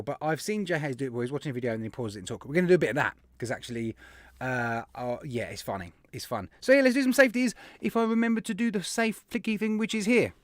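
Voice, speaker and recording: A man's voice: high-pitched, no echo. A man hosting a casual livestream, rambling and greeting viewers by name. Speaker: livestream host.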